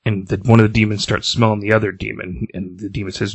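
A man with a lowish, creaky voice and a breathy edge talks fast while recapping a comic for a comics podcast. Animated and casual, the co-host retells the plot and reads character lines loosely, and there's no room sound.

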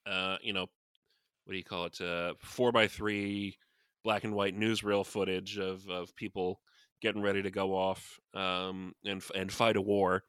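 A man's voice: deep voice, flat delivery, unhurried, a bit bright, clean tone, no echo, clean studio sound. A man co-hosting a podcast, chatting casually and rambling as he brainstorms ideas. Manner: rambling, many fillers and restarts. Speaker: podcast co-host.

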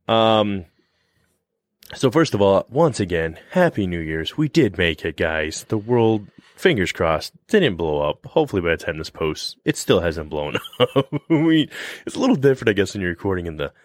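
A man co-hosting a casual podcast chat, rambling and joking in an animated way. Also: low voice, moderate pace, no room sound, clean studio sound. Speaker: podcast co-host.

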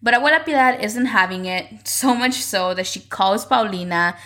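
A woman casually recapping a soap opera, animatedly acting out the characters' lines in quick voices. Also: mid-range voice, fairly bright tone. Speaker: recap commentator.

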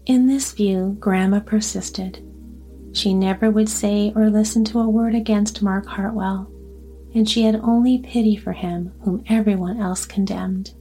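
A woman narrating a storybook in a calm, even way. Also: medium pitch, measured pace, soft background music. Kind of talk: storybook reading.

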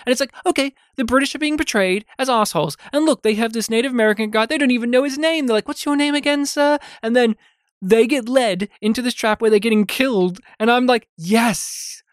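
A man co-hosting a podcast, casually reviewing a film with animated, sweary retellings of scenes. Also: very high voice, fast, smooth, no echo, studio quality. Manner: animated, sweary, acts out scenes in quoted voices. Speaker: podcast co-host.

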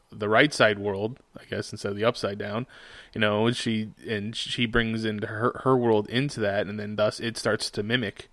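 A man co-hosting a podcast in casual chat, halting and searching for words. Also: on the low side, a bit bright, no room sound.

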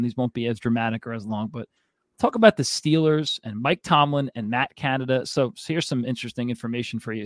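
A man's voice: mid-range voice, no echo. A man co-hosting a sports podcast, ranting in a fired-up, exasperated way. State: out of breath. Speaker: podcast co-host.

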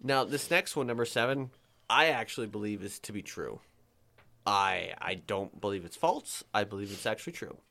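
A man's voice: lowish voice, expressive, normal speed, creaky, pushed and bright. Man reading odd facts, crude. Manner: reads facts aloud with fillers, crude jokes. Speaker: podcast host. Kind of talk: casual chat.

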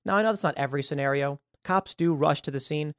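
A man hosting political commentary, talking in an animated and scornful way. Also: on the high side, quick pace, no echo, studio quality. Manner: animated, acts out quoted voices, scornful. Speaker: show host.

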